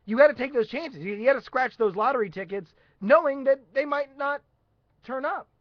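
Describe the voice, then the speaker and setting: A male host with a high voice talks in a rambling way, circling back and restarting his questions. The sound is dry and dull, like a lo-fi stream. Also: fairly quick, no room sound. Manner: rambling, hesitant, many restarts. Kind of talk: casual live-stream chat.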